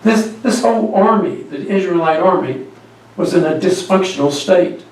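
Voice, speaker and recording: Guy preaching, storytelling, a bit high voice, super echoey church, mic kinda far. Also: normal speed. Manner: storytelling, asks the congregation questions. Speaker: pastor. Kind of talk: sermon. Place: church sanctuary.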